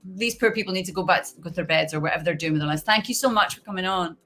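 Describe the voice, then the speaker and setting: A woman's voice: fairly low pitch, very fast, fairly bright tone, soft background music. A middle-aged woman voice actor chatting casually on a livestream, rambling and laughing often. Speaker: guest voice actor.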